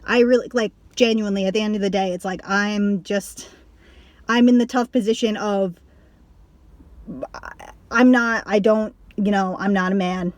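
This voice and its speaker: A woman YouTuber talking casually to camera, rambling, with lots of "like" and quick restarts. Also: medium pitch, fairly even intonation, no echo. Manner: rambling, heavy use of "like", acts out others in a raised voice. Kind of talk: casual vlog talk to camera.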